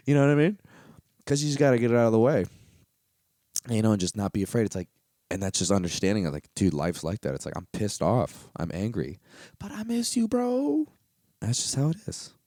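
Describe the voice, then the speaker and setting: A young man talks in a rambling, candid podcast monologue, cursing freely and circling back with fillers. His voice sits low and the recording is close and dry, with no room sound. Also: mellow, dry recording. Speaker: podcast host. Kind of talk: casual solo podcast monologue.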